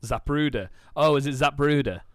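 A man's voice: medium pitch, normal speed. A man co-hosting a podcast, chatting casually with a dry, jokey manner. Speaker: podcast co-host. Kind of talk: casual chat.

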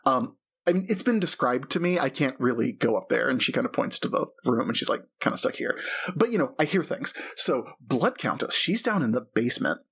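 A woman's voice: very deep voice, expressive, brisk, creaky, a bit bright, slightly rough. A woman narrating as game master of a tabletop role-playing game, telling gossip in a rambling way full of fillers. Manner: rambling, filler-heavy storytelling.

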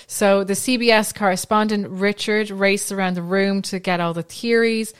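A woman's voice: medium pitch, fairly even intonation, normal speed, few pauses, smooth. A woman podcast host telling a true crime story in a chatty way, with frequent ums and restarts. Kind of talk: casual storytelling chat.

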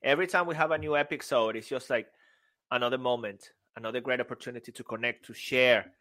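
A man co-hosting a podcast in casual banter, excitable and teasing, often laughing. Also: mid-range voice, fast talker. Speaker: podcast co-host.

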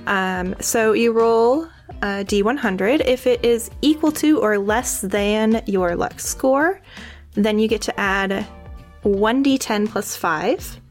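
A woman's voice: medium pitch, slow pace, faint music behind. A woman player in a tabletop game podcast, joking and explaining rules casually.

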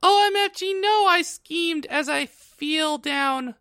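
A woman's voice: very high voice, slow, a bit bright, full character voice. A woman reading a gushing teenage goth girl's lines in a comedic dramatic reading, breathless and mock-girlish. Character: gushing teen goth girl narrator Ebony.

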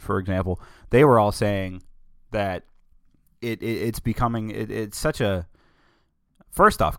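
Guy rambling on his own show, kinda low voice, very dry sound. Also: dry recording. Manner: rambling and opinionated, digresses freely. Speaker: podcast host. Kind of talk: casual solo monologue.

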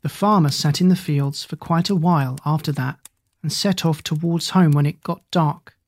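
Breathy, measured storybook narrator. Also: medium pitch, dry recording. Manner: even, measured telling with questions to the listener.

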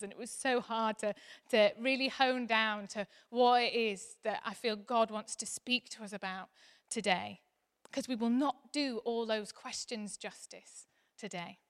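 A woman in her thirties delivering a sermon. Her high, bright voice carries a chatty, animated warmth at times and a soft earnestness at others. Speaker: preacher.

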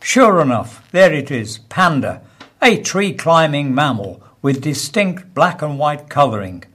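A man's voice: fairly high pitch, very animated, unhurried, a bit bright. A man hosting a radio show, telling stories and jokes in a dry, self-mocking way and laughing at his own punchlines. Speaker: radio host.

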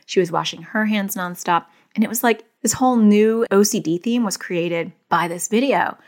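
A woman's voice: mid-range voice, moderate pace, darkish tone. A woman who is a therapist and a parent, talking in an earnest, chatty way with lots of "like" fillers as she gives advice. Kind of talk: casual advice monologue.

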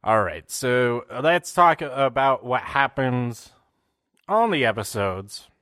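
A wrestling recap host with an ordinary middle pitch and a fairly bright tone takes his casual show recap slowly, very animated as he rambles. He stumbles through restarts and fillers before landing on his point and uses silly voices for quotes. The sound is close and dry, with no room around it.

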